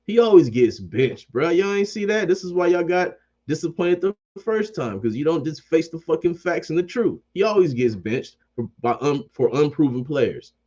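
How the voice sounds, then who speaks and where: A man's voice: fairly high pitch, very animated, normal speed, few pauses, a little mellow, husky, muffled recording. A man ranting about sports as a fan commentator. He swears constantly, repeats phrases, and keeps up a heated, profane energy.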